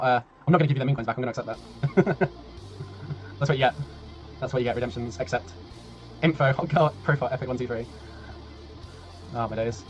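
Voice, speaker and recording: A man casting a strategy game tournament on a live stream, chatty and laughing, with a tiring voice that he keeps clearing. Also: medium pitch, dull audio. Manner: chatty, laughing, rambling, swears, reads chat aloud. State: voice tiring, clearing throat often. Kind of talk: casual live-stream commentary.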